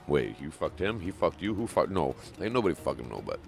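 A man's voice: very deep voice, lively intonation, fast. A young man co-hosting a podcast, rambling and joking in a profane, casual way. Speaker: podcast co-host. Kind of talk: casual crude banter.

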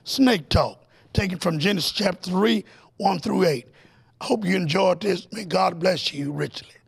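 A male preacher with a strikingly high voice and a gravelly, fried edge teaching a televised Bible lesson. He presses his points hard, fires rhetorical questions at the audience, and pushes up into excited, almost shouted highs. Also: moderate pace. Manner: rising to excited, near-shouted peaks.

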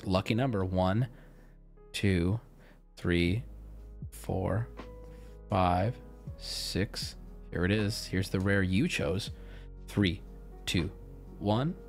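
A man streaming live, chatting casually with his viewers while he opens card packs, swearing and switching between loud bursts and mumbling. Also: low-pitched, very slow, pauses often, soft background music.

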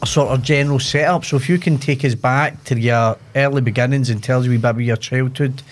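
A man hosting a podcast, asking a guest friendly open questions in a relaxed way. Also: mid-range voice, fast. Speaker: podcast host. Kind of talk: casual podcast interviewing.

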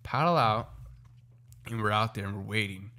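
A young man co-hosting a casual podcast, telling a story with animated energy and acting out the lines people said. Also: fairly low pitch, moderate pace. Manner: animated storyteller who acts out quoted lines. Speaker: podcast co-host. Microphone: podcast microphone.

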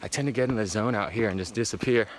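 A man vlogging casually to camera from his van and out on forest trails, excitable and rambling with casual swearing. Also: lowish voice, fast talker. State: out of breath while hiking. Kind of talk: casual vlog talk to camera.

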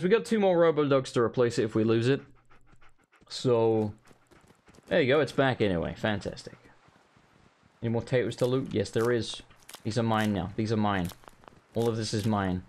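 Chatty, sweary gamer. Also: male voice, mid-range voice, a little mellow, a little hiss or hum. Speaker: gaming host. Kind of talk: casual let's play commentary.

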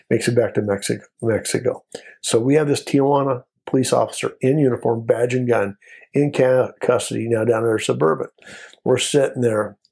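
Older man, gravelly, husky, dark voice, lively storyteller, interview, acts out quoted voices. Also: mid-range voice. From United States. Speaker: former border patrol agent.

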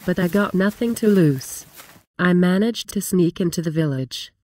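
A woman reading a story aloud in a plain, steady way, close to a dry home mic. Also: fairly low pitch, normal speed.

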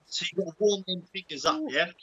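A man's voice: high-pitched, quick pace, fairly bright tone, lo-fi sound. A man playing a big, earnest, clueless self-styled diet guru in a comedy sketch, instructor patter full of "yeah?" and "right?". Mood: instructive.

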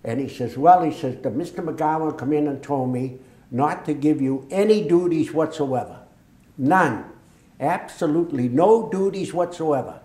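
In an echoey room, a veteran from Massachusetts recounts his war experiences for an oral history interview. This older man speaks at a normal pace with a fairly high pitch, animating his tales by performing the dialogue he quotes.

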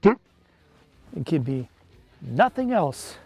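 A man chatting excitedly and folksily while fishing from a small boat on a lake. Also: fairly high pitch, moderate pace, no echo, faint music behind. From Canada. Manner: excitable, folksy, peppers talk with "eh". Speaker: fishing vlogger. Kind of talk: casual on-the-water chat.

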